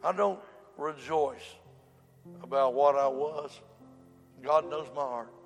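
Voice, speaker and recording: A male preacher giving an impassioned revival sermon, swinging from loud shouts down to soft pleading. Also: mid-range voice, fairly even intonation, slow pace, gravelly, long reverb tail, faint music behind.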